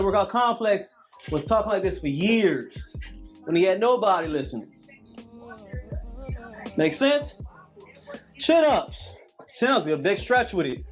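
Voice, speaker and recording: A man in his late thirties coaching a live calisthenics workout, repeating cues and preaching about hard work. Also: sits high. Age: late 30s. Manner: preachy, repetitive motivational cues.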